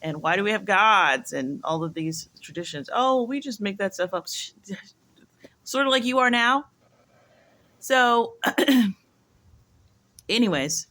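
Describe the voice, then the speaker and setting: A woman thinks out loud in a loose vlog to her viewers. Her talk wanders from thought to thought, full of "like" and "you know" and half-finished sentences. Her voice sits in an ordinary middle pitch. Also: lively intonation, slow pace, pauses often. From United States. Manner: rambling, musing, heavy use of "like". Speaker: vlogger. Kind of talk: casual monologue to camera.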